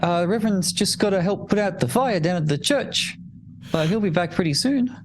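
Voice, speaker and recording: A player speaking in character in a calm, reassuring, folksy way during a tabletop game. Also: medium pitch, normal speed, a little hiss or hum. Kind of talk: in-character tabletop role-play.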